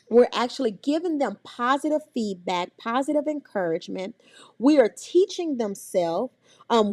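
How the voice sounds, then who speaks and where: A middle-aged woman, teaching a parenting workshop in an animated way and acting out the voices of scolding adults and children. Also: a little high, no echo. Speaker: early childhood trainer.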